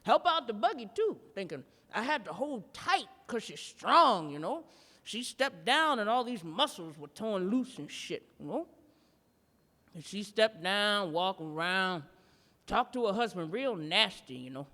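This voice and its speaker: A woman's voice: mid-range voice, very animated, unhurried, a bit bright, in a large hall. Woman telling a bawdy stand-up story. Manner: profane, drawling storytelling with rhythmic asides. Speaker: stand-up performer. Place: art museum performance space.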